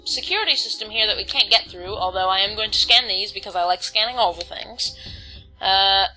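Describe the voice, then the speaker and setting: A woman's voice: medium pitch, bright, forceful tone, rough recording. A woman casually commenting on her gameplay, reading on-screen text aloud and stumbling over words now and then. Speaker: let's play host.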